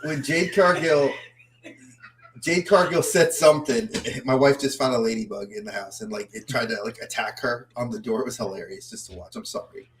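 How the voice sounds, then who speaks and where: A man co-hosting a wrestling podcast in casual chat, animated and rambling through lists of names. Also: mid-range voice, normal speed, slight background noise. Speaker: podcast co-host.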